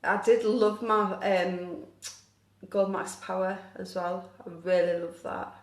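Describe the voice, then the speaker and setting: A woman's voice: mid-range voice, steady tone, slow. A woman chatting casually on a live stream, reading viewer comments aloud and answering questions about her hobby in a self-deprecating, apologetic way. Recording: echoey room.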